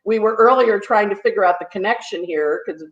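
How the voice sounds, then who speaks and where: A woman astrologer chatting casually as a guest, telling a story quickly and acting out the people in it. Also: medium pitch. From New York. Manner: talks fast when nervous, acts out quotes. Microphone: phone on a call. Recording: echoey, dull phone audio.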